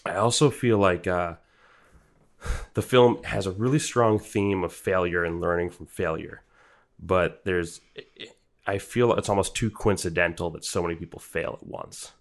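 A man with a very deep, low voice talks a film over with friends on a podcast. He is analytical and loose, piling on fillers and restarts as he builds his argument. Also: moderate pace. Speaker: podcast co-host. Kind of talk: casual film discussion.

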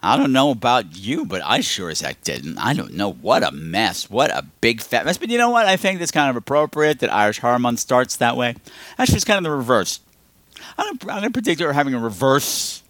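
A man hosting a casual film review podcast, rambling, sarcastic and exasperated. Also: dry recording. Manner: animated, with lots of pitch swings. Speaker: podcast host.

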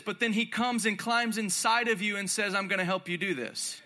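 Male preacher, young, intense and emphatic; high, piercing bright tone. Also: steady tone, moderate pace, hardly any pauses. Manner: intense, emphatic, repeats phrases. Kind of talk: sermon. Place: large room with audience.

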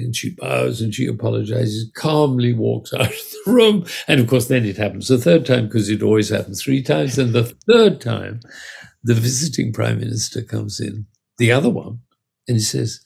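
An older man, a conductor and music educator, telling lively anecdotes in an interview, now and then acting out the voices of the people in them. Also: mid-range voice, normal speed, vocal fry, slightly rough. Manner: animated anecdotes with acted-out voices. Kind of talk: storytelling in an interview.

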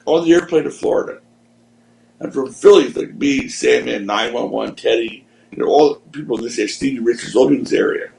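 Seorang pria, tamu podcast, bercerita dengan santai dan hidup, sering memakai kata kasar dan menirukan suara orang dalam ceritanya. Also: male voice, medium pitch, brisk, gravelly, echoey room, poor audio. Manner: animated, profane, acts out voices in his stories. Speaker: podcast guest, former wrestling promoter. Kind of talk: casual storytelling.

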